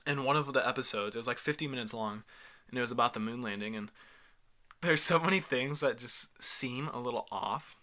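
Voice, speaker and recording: Bright-voiced young man, easygoing podcaster. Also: medium pitch, brisk. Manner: easygoing, tells stories in a rambling way. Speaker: podcast co-host. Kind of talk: casual chat.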